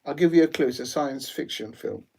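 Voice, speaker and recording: A man doing rambling, jokey live commentary on a football match, with slangy asides and sudden excited shouts. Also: fairly high pitch, fairly quick, breathy edge. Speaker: watch-along streamer. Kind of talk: live watch-along commentary.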